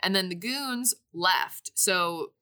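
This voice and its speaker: A woman co-hosting a podcast, casually recapping a movie's plot with lively quoted lines. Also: on the low side, slow, clean tone. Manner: animated retelling with quoted voices. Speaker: podcast co-host.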